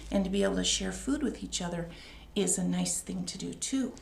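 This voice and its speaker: A woman librarian reading a picture book aloud to young children with an expressive read-aloud delivery, then chatting with them. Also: fairly low pitch, a little fast, creaky. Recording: echoey room, faint noise.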